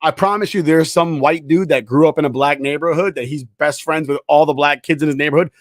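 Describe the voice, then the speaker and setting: A man co-hosting a podcast in casual, argumentative chat, pushing his point with long examples. His voice is a bit high for a man. The recording is close and dry, with little room sound. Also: fairly even intonation, fairly quick, no echo. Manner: insistent, argues with long examples. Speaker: podcast co-host.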